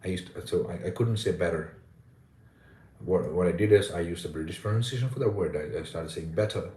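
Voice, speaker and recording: Deep-voiced Indian man in an echoey room. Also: quick pace, mellow, far from the mic. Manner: reads out comments, hesitant restarts and repeated words. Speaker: livestream host teaching English pronunciation. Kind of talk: casual live Q&A.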